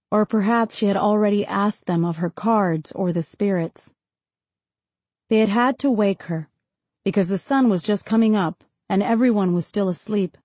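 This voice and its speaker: A woman narrates a literary novel in a calm, measured audiobook reading. Her voice is mellow and warm, sitting at a middle pitch. The recording is close and dry, with no room sound. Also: dry recording. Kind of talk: scripted narration.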